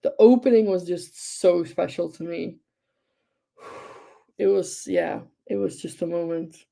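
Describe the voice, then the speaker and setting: Young woman streamer, slow gushy chatter, lots of um and like, bit of vocal fry. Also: lowish voice, dark tone. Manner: gushing, enthusiastic, chatty with many fillers. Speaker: livestream host. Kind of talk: casual chat.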